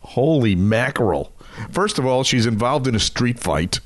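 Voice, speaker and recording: An easygoing man co-hosts a casual podcast, reacting with short replies. His pitch rises and falls lively. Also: moderate pace. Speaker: podcast co-host. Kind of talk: casual chat.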